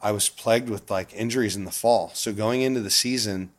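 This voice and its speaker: Low-voiced man telling stories, swearing freely. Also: fairly quick. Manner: profane, animated, laughs often. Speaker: guest. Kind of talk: casual storytelling.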